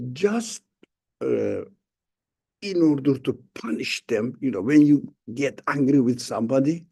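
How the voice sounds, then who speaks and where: Slow, gravelly male Quran teacher. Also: a little high, dark tone. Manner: slow, halting explanation with rhetorical questions. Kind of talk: informal Quran study lesson.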